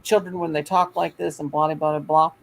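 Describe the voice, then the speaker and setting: Older lady rambling thru a story, gravelly lowish voice, bit of hiss behind. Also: a little fast, low-quality recording. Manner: rambling, animated quoting of others. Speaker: retired teacher telling a story. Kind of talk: casual storytelling chat.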